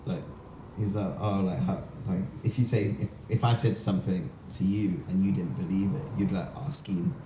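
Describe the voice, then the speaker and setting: A man hosts a podcast in a fairly low voice, talking in a relaxed way with many fillers. The sound is roomy and echoey, with clear noise in the background. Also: moderate pace. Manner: relaxed, filler-heavy, loose phrasing. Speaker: podcast host. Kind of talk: casual chat.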